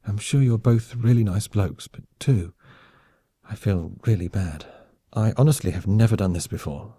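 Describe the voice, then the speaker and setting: A man voicing a brash young woman pilot, hungover and coy, in a husky voice. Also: fairly low pitch, mellow, no room sound, studio quality.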